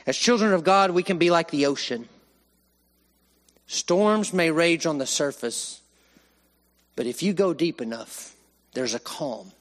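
A man preaching a sermon, swinging from raised emphasis to hushed, slow lines. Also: on the high side. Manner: animated, with sudden rises and hushed drops.

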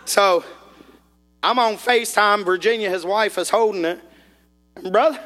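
A man preaching a sermon, telling a folksy story in an animated way that rises into shouts. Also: very high-pitched, a little hiss or hum. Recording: echoey hall reverb.

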